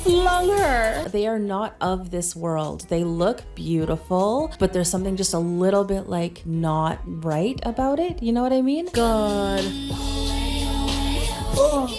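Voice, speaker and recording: A woman hosting a music reaction channel. She talks in casual commentary, gushing and excitable, swearing casually and swinging between hushed murmurs and loud bursts. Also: medium pitch, unhurried.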